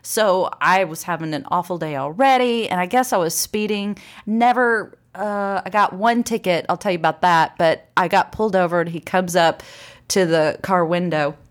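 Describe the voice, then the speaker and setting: A woman's voice: fairly low pitch, moderate pace. A woman in her forties from Arkansas, telling stories in a casual chat and laughing often. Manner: chatty storyteller, laughs often.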